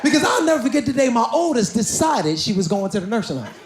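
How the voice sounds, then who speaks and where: A man performing stand-up comedy on stage, telling family stories and acting out each person in quick dialogue. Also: very high voice. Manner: animated, acts out family members in quick dialogue. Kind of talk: stand-up storytelling. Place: comedy stage before a live audience. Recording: echoey room with audience laughter and noise.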